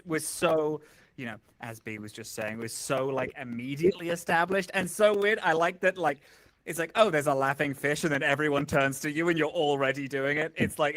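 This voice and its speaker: A man's voice: fairly high pitch, a bit bright. A man giving hesitant praise in casual chat after a tabletop game, with many "um" and "uh" fillers.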